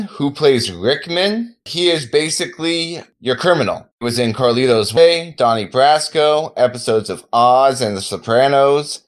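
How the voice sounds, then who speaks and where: A man co-hosting a podcast in casual chat, enthusiastically running through guest stars' credits. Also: medium pitch. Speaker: podcast co-host.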